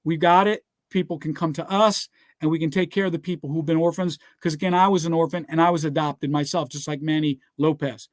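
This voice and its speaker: A man with a fairly high voice delivers a motivational business talk mixed with scripture in an emphatic, preacher-like way. He keeps asking rhetorical questions and telling listeners to write things down, and his voice sounds close and dry, with no room echo. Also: steady tone, fairly quick. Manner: repeats rhetorical "guess what?" and "all right?". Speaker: motivational speaker.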